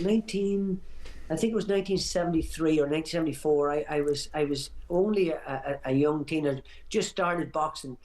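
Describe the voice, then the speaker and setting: Emphatic boxing pundit in his 60s. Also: a little high. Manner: emphatic, reminiscing, restarts phrases often. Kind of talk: radio talk show chat.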